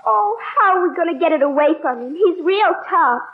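A woman's voice: very high voice, lively intonation, a little fast. A performer playing an eager, chirpy young girl in a 1950s radio sitcom, on a dull old broadcast recording.

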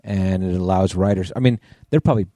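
Low, dark-voiced laid-back man. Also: quick pace, no echo. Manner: laid-back, agreeable, dry asides. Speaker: podcast co-host. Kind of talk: casual chat.

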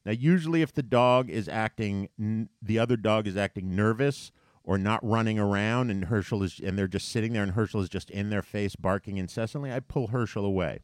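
A man telling a story in a casual chat, animated and profane, getting heated as he goes. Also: on the low side, brisk, no echo, studio quality. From New York.

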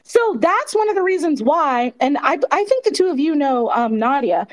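High-voiced outspoken woman. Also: big pitch swings, moderate pace. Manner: outspoken, emphatic. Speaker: podcast co-host speaking in a live audio space. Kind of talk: casual live chat.

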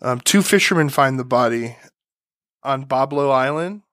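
A man's voice: mid-range voice, expressive, normal speed, a bit bright, no room sound, studio quality. A man co-hosting a casual true-crime podcast, talking loosely with lots of fillers, restarts and swearing. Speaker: podcast co-host.

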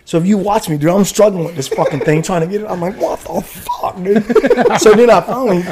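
A retired American Army veteran man telling a war story in casual chat, animated and profane, laughing often. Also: high-pitched, fast talker, a crowd in the background. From United States.

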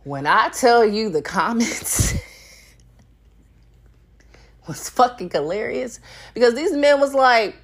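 A woman's voice: fairly high pitch, animated, slow pace, pauses often. A young woman hosting her own podcast, chatting casually and candidly, swearing freely and laughing often. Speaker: podcast host. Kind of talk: casual solo podcast chat.

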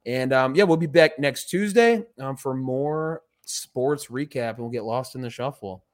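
A man hosting a sports podcast, talking in an easygoing, offhand way with drawn-out fillers. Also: mid-range voice. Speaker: podcast host. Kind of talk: casual chat.

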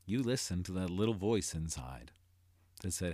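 A man hosting a motivational podcast as a life coach, talking earnestly and building to emphatic, animated delivery. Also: sits low, moderate pace, dry recording, clean studio sound.

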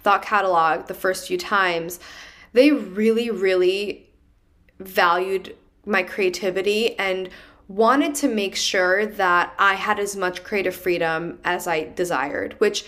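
Young woman podcaster, chatty and animated, says like a lot, mid pitched voice. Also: slow. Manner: chatty and animated, heavy use of "like". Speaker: podcast host. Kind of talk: casual personal storytelling.

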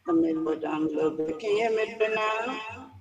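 A woman's voice: medium pitch, fairly quick, crowd noise. A woman with a New Orleans accent calling in, friendly and casual, on a breaking-up phone line. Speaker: caller.

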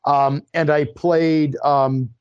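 Stammering, animated man with a dry sound. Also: a little high, takes it slowly, smooth, dry recording, highs cut off. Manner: animated, stammering restarts, exasperated emphasis. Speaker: podcast co-host. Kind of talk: casual podcast chat.

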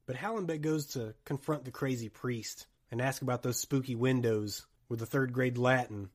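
Animated man rambling about a movie. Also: medium pitch, moderate pace. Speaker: podcast host. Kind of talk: casual movie chat.

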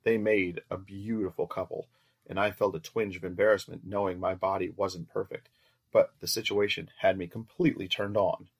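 A man reading a first-person story aloud as narrator in a steady, measured way. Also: low-pitched.

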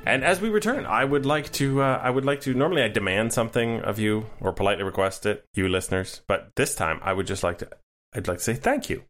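A man with a fairly low-pitched voice co-hosts a casual sports podcast. He talks in a wry, joking way, drifting into rambling asides before getting back to the point. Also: lively intonation, quick pace, a bit bright. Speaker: podcast co-host.

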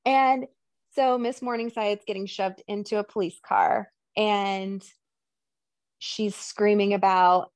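A woman's voice: mid-range voice, measured pace, no room sound, studio quality. A woman co-hosting a podcast, casually recapping a film and acting out the characters' lines. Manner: animated retelling with quoted voices. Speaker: podcast co-host. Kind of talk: casual movie recap chat.

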